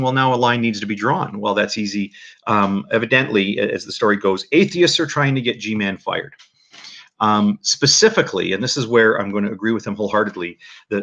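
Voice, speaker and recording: A man giving casual spoken commentary to his audience in a halting, dry and joking way, with many restarts and fillers. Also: on the low side, gravelly, a bit bright, lo-fi sound. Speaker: video commentator.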